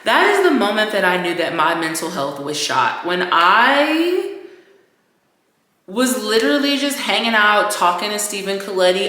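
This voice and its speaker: A woman's voice: lowish voice, animated, moderate pace, sharp tone. A woman hosting her own show, ranting candidly and with plenty of profanity, a little tipsy. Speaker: podcast host. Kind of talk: casual rant monologue. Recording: roomy echoey room.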